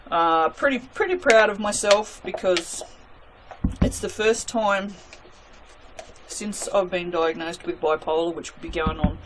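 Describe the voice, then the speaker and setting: Slow, chatty woman soap maker. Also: fairly low pitch, background noise. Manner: chatty, self-mocking, talks to herself as she works. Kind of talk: casual chat while making soap.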